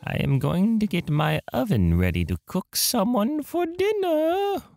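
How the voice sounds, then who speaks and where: A man voicing a squeaky-voiced wicked old female witch from a fairy-tale game. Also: very animated, measured pace, creaky, a little mellow, heavily acted. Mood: menacing.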